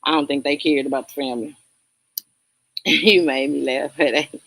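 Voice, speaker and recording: A woman's voice: rumbling low, normal speed, vocal fry. A woman from the Southern United States with a Southern accent, hosting a casual livestream and bluntly answering her chat, laughing often. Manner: blunt, talks straight to chatters, laughs often. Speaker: livestream host reading chat.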